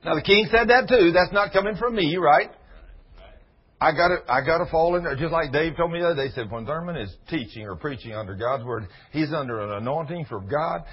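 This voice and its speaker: A man preaching an informal Bible lesson, folksy, reading scripture slowly and with weight. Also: fairly high pitch, expressive, husky. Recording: dull lo-fi sermon recording.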